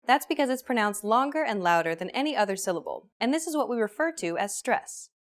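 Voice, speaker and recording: A woman's voice: fairly high pitch, a little fast. Woman narrating a language lesson. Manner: clear, even teaching delivery. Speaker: language course host.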